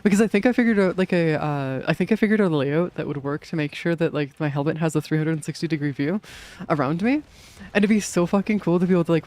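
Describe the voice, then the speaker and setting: A man's voice: on the high side, darkish tone. A young man streaming a game in casual chat, rambling with many fillers, swearing and laughing often.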